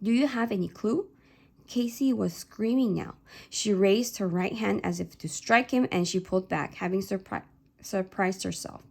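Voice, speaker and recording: A woman reads a novel aloud at an even, measured pace. Her voice sits in a middle pitch with a gravelly rasp. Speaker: reader of a novel.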